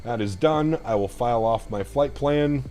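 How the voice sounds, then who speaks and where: A man's voice: mid-range voice, normal speed, warm tone. A man from Canada streaming a flight simulator, chatting casually with his viewers and swearing freely. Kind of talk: casual live-stream commentary.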